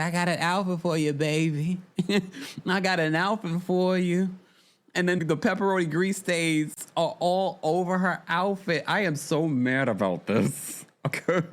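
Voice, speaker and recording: Man, podcast host, reality TV recap, exasperated, chatty, fairly high voice, very lively pitch. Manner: exasperated, animated, chatty, talks to the chat. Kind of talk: casual reality TV recap chat.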